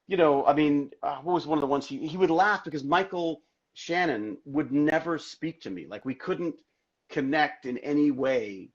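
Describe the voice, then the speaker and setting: A man guesting on an interview, telling stories in an animated, rambling way with many restarts, heard over a video call. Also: a little high. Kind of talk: casual interview chat. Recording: dull lo-fi social media livestream audio.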